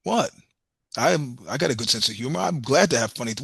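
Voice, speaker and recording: A man's voice: medium pitch, expressive, fairly quick, vocal fry, a bit bright, slightly rough, no room sound. A middle-aged man telling blunt, profane road stories in a casual interview, acting out both sides of each exchange. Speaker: podcast guest, musician.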